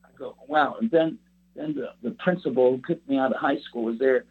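A man's voice: mid-range voice, a little fast, slightly rough. A man preaching a personal testimony in an earnest, rambling storytelling way. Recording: tinny phone-like sound.

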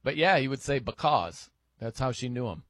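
A man's voice: mid-range voice, quick pace, a bit bright, no room sound, clean studio sound. A man hosting a sports radio show, chatting casually and laughing as he mimics people in his stories.

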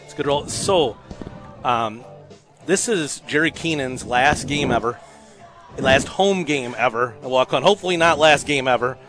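A man's voice: medium pitch, normal speed, music in the background. A man hosting a radio pregame show, asking interview questions in an upbeat, conversational way. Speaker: radio sports host and interviewer.

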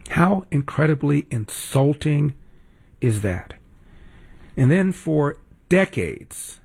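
Gravelly sarcastic talk radio man. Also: medium pitch, darkish tone. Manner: sarcastic, emphatic, mocking.

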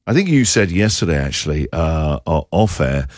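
Lively joking male radio host. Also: rumbling low, moderate pace, dry recording. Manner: jokey, laughs often, animated. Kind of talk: casual radio chat.

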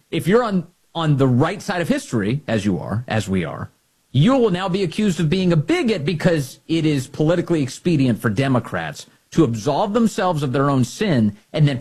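Husky, animated male commentator. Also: mid-range voice. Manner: emphatic, sarcastic, combative. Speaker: political commentator. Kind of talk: opinion commentary monologue.

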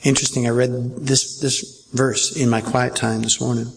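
Man, pastor, sermon, gravelly voice, emphatic repetition, faint background hiss. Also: medium pitch, level tone, moderate pace. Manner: emphatic, repeats phrases, asks listeners if they follow. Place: church.

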